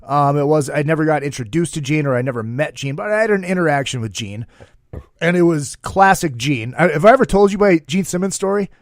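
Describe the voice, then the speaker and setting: A man hosting a casual interview show, telling stories in an animated way and swearing freely. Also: a little high, a little fast, no echo, clean studio sound. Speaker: radio show host.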